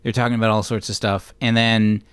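A man co-hosting a podcast, walking through a movie's plot in a loose, chatty way, stopping for side notes. His voice sits a little low and sounds smooth and resonant. The recording is dry and close, with no room around it. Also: fairly quick, no echo. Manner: relaxed, recaps plot with fillers and side notes. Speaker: podcast co-host. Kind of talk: casual movie recap chat.

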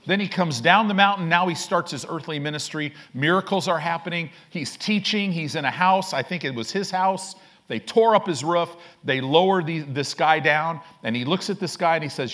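A man preaching a sermon with a voice a little higher than most men. He is emphatic and keeps turning to the congregation for agreement. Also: fairly bright tone. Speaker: pastor.

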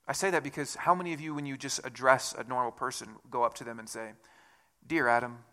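A man's voice: medium pitch, fast talker, sharp tone. A male pastor preaching a sermon in a conversational way, often repeating words and rising into emphatic bursts.

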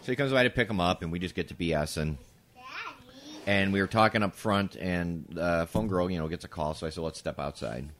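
A man co-hosting a podcast, telling stories in casual chat, swearing freely and breaking into shouted impressions. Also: low-pitched, fairly quick. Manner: animated, breaks into loud shouted impressions and laughs. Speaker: podcast co-host. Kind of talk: casual storytelling.

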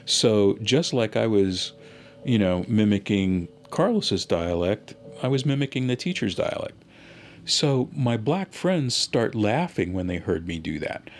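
A man's voice: on the low side, vocal fry. A man being interviewed as a linguist, recounting a childhood story in a reflective, conversational way with many "you know" asides.

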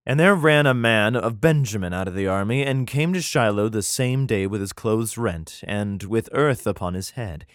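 A man's voice: on the low side, normal speed, hardly any pauses, no room sound, studio quality. A young man reading old scripture aloud and breaking off into sarcastic, profane commentary. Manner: crude, sarcastic commentary between archaic verses. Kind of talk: irreverent comedic reading with profane asides.

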